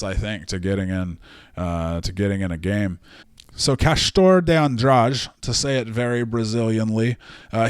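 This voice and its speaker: A man's voice: mid-range voice, no room sound, studio quality. A man hosting a podcast, telling a story casually with lots of fillers and swearing. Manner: profane, animated storyteller with many fillers. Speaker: podcast host.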